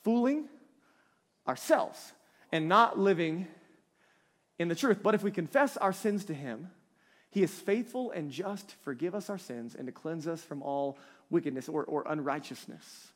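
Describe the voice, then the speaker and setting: A man in his thirties preaching a conversational sermon, animated and chatty, laughing lightly between points. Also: a little high, moderate pace. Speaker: pastor.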